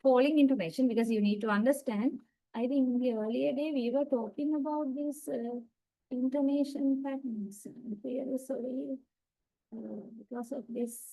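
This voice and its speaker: A woman lecturer giving an online class, explaining slowly with many fillers. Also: high voice, fairly even intonation, warm tone, low-quality recording. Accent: South Asian English.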